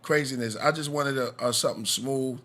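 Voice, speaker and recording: A man's voice: medium pitch, normal speed, fairly bright tone. Laid-back male podcast host. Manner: laid-back, mediating, brief affirmations. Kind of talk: live podcast hosting.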